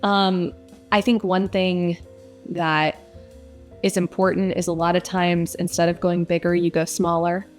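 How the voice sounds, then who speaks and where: A woman's voice: on the low side, level tone, measured pace, faint music behind. A young woman who narrates audiobooks, answering interview questions in a casual, reflective way with frequent fillers.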